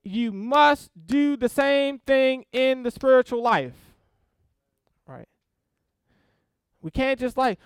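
A man's voice: extremely high pitch, lively intonation, slow pace, pauses often, clean tone, dry recording, clean studio sound. A man teaching an informal sermon on spiritual disciplines, talking conversationally and often checking in with his listeners. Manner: conversational, checks in with frequent "okay?" and "right?".

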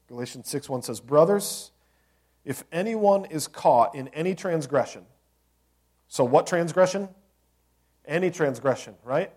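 A man's voice: on the high side, darkish tone. Man preaching a conversational sermon. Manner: conversational preaching with asides and rhetorical questions. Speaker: pastor.

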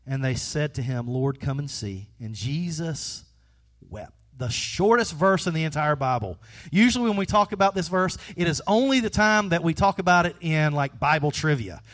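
A man with a fairly high voice preaches a sermon in a loose, conversational way. He swings from loud, animated stretches down to quiet, intimate ones, and he drops in playful jokes for the congregation. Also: moderate pace. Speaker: pastor.

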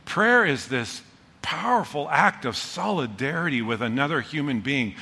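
A man preaching a sermon as a pastor, animated and excitable, rushing ahead in bursts and then reining himself in. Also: fairly high pitch, husky, big-room sound.

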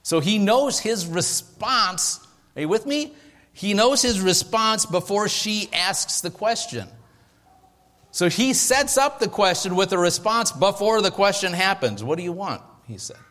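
A man preaching a sermon as pastor, in a lively, conversational way with jokes and asides. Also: sits high, measured pace. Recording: echoey hall with long reverb.

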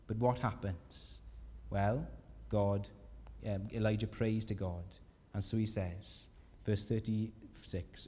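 Preacher in a reverberant church hall. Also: male voice, medium pitch. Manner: lively storytelling, mocking voices for scripture scenes. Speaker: pastor. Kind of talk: sermon.

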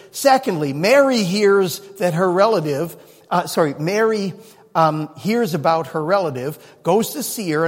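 Husky-voiced, animated preacher man. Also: high-pitched, unhurried. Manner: animated, humorous, laughs often. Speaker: pastor. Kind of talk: sermon. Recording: long reverb in a hall.

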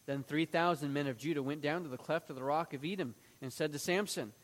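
A man's voice: a little high, animated, a little fast, few pauses, in a large hall. A man teaching through a Bible passage, reading it aloud and acting out the quoted lines in a raised voice.

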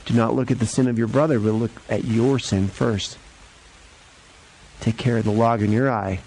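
A male pastor giving a conversational sermon in a church, jumping up and down in pitch to stress his points. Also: normal speed, a little hiss or hum, poor audio. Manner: conversational and lively, varies pitch for emphasis. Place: church sanctuary.

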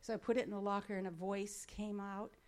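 Woman, testimony speaker on stage; animated storyteller, plays out dialogue, chatty fillers, mid-range voice. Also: mid-range voice, a little fast. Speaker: speaker sharing a personal faith story.

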